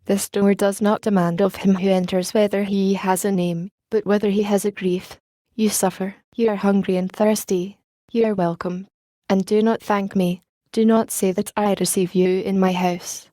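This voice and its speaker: Woman reader as elderly male bishop; gentle, grave, polished, mellow and dry. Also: medium pitch, level tone, normal speed, no room sound, close to an everyday voice. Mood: kind.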